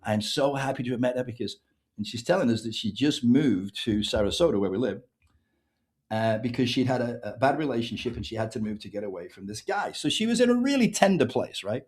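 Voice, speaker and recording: A man's voice: medium pitch, brisk. A man from England with an English accent, telling a story as a podcast guest and acting out the dialogue. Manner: animated storyteller, acts out quoted dialogue. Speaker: author guest.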